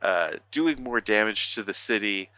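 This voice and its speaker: Bright, crisp-voiced man rambling casually. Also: on the low side, expressive, no echo. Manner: rambling, profane, halting with many fillers. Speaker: podcast co-host. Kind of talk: casual podcast chat.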